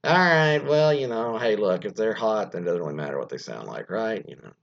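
A man's voice: on the low side, animated, fairly quick, gravelly. A man hosting a radio show, rambling offhandedly through an article and sometimes swearing. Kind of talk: casual commentary on an article. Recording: dull lo-fi recording.

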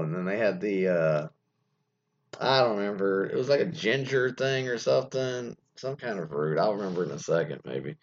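Gravelly rambling man, lo-fi radio host. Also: deep voice, animated, a little fast, a little mellow. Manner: rambling, many fillers and trailing asides, mildly profane. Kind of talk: casual solo talk, reading an article aloud with comments. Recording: lo-fi muffled sound.

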